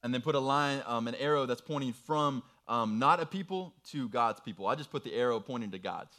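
An earnest man preaches to a young audience in a mid-pitched voice. He walks them through a worksheet with patient, encouraging instructions. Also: a little fast, fairly bright tone. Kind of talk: sermon with worksheet activity.

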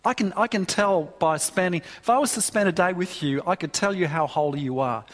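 A man's voice: sits high, brisk. A man preaching a sermon in a church, earnest and emphatic, often restarting phrases. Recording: long hall reverb.

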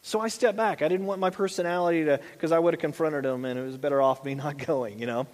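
A man's voice: fairly high pitch, fairly even intonation, quick pace. A man preaching a conversational sermon as a pastor, often repeating and restarting his phrases. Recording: long hall reverb.

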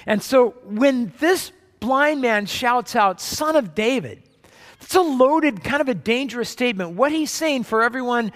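High-voiced pastor preaching in a hall. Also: male voice, expressive, normal speed, hardly any pauses, fairly bright tone. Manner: conversational preaching with frequent restarts. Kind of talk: sermon. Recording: long hall reverb.

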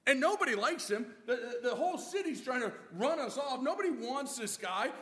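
Animated preacher man in a reverberant hall. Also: very high-pitched, brisk, husky. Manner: acts out disciples' voices, joking asides. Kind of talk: animated sermon.

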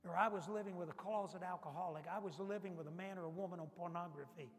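A male pastor delivers a sermon with a notably high voice. He presses his points by repeating them, swinging from loud emphasis to near-hushed asides. The sound carries a long reverb from a large church hall. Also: fast, breathy edge.

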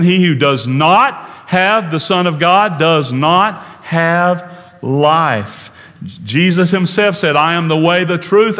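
Earnest preacher in a reverberant hall. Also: male voice, sits high. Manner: earnest preaching, slows to stress words, drops to a hush. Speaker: pastor. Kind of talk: sermon.

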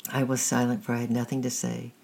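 A woman hosting a story-time reading, narrating a chapter book in a steady, measured way. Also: a bass voice, gravelly, husky.

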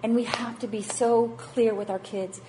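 A woman's voice: on the high side, fairly even intonation, moderate pace, noisy background. Chatty mother of five giving a church talk. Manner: chatty, self-deprecating, laughs often. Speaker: speaker at a parenting session.

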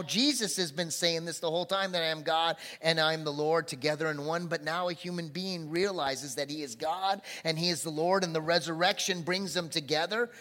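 A man preaches a sermon in a church hall, and his voice sits a little higher than most men's. He breaks into loud, animated bursts now and then, and a long reverb trails off every phrase. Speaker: pastor. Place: church sanctuary.

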